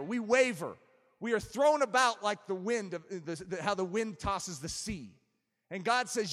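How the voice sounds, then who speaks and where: A man preaching an impassioned sermon as pastor, building to forceful emphasis. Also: very high-pitched, in a large hall.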